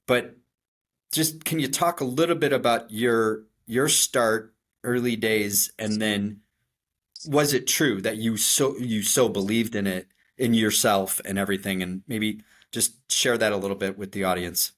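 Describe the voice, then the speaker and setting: A man's voice: fairly low pitch, measured pace, a bit bright. A man co-hosting a podcast, asking open questions in an easygoing, hesitant way. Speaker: podcast co-host. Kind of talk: casual conversation.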